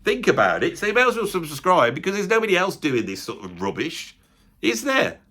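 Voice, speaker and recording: A man's voice: high-pitched, wildly swooping pitch, a little fast, bright, forceful tone. Middle-aged west midlands guy rambling at his camera, self-mocking, lots of "isn't it" "don't you". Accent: West Midlands English. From West Midlands, England. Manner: self-deprecating, chatty, rhetorical tag questions. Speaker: music critic YouTuber and drummer. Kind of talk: rambling casual monologue to camera.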